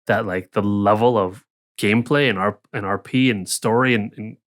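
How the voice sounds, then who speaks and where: On a casual tabletop gaming podcast, the co-host and dungeon master speaks at a moderate pace with a lowish voice. He rambles through the chat, restarting here and there and voicing the townsfolk.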